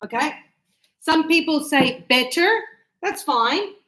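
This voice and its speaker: A woman teaching English grammar to a class, stretching out words slowly and checking in with "yes?" and "right?". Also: high-pitched, expressive, a bit bright, roomy sound, rough recording. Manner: encouraging, checks understanding with tag questions; slow, drawn-out words for teaching.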